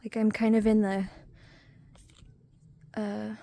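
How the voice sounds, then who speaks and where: A woman's voice: mid-range voice, level tone, slow pace, long pauses, warm tone. Breathless woman rambling on a trail. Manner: rambling, self-deprecating, chatty. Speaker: vlogger. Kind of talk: casual vlog chat while hiking. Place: outdoors on a mountain trail.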